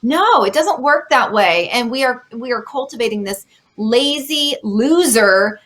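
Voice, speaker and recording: Animated young woman hosting a talk show. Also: fairly high pitch, measured pace. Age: young adult. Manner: animated, ranting opinions. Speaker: podcast host. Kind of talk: casual interview chat.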